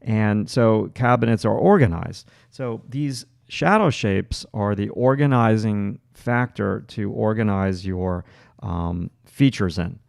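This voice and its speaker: A man's voice: fairly low pitch, takes it slowly, vocal fry, a little mellow, no echo, studio quality. A man with a Long Island accent, teaching a livestream drawing demonstration and thinking aloud as he works, with lots of fillers and restarts. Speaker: art instructor.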